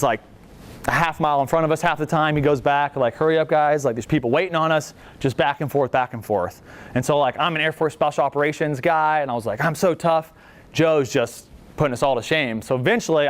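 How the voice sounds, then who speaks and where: Smooth-voiced man telling a story. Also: fairly high pitch. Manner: casual, joking storyteller, acts out quotes. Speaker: veteran speaker at a library talk. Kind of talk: storytelling presentation.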